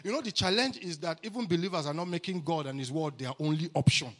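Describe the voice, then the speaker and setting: A man with a Nigerian accent preaching a sermon at a church camp meeting, exuberant and calling for responses, at times rising to shouts. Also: a little high, quick pace. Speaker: guest preacher.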